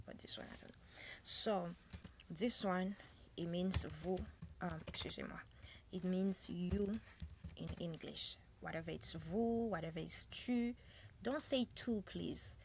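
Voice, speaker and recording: A French-accented woman teaching basic French in a relaxed lesson, spelling words letter by letter and repeating them. Her voice is low and gravelly, and she speaks very slowly. Faint background noise sits behind her. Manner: slow, repeats and spells out words, code-switching.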